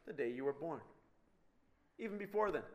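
A man with a high voice that swoops all over the place tells funny everyday stories to a crowd. He is animated and keeps slipping into the voices of the people he describes. It sounds like a humorous talk on stage. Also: moderate pace, highs cut off. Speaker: speaker addressing an audience.

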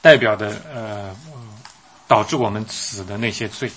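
A man's voice: lowish voice, fairly even intonation, a little slow, a bit bright. Hesitant male sermon interpreter. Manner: hesitant, with frequent fillers and restarts.

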